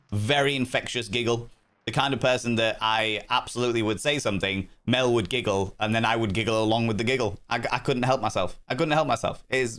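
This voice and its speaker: A man livestreaming a game and chatting casually with his viewers, theatrical and profane, with playful jumps into a high voice. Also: a bit bright. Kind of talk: casual live-stream chat with viewers.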